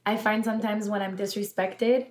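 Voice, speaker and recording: A woman in casual talk who tells stories with energy, quoting herself and laughing along. Her pitch sits in the middle range. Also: moderate pace. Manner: animated storyteller, laughs often. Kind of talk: casual chat.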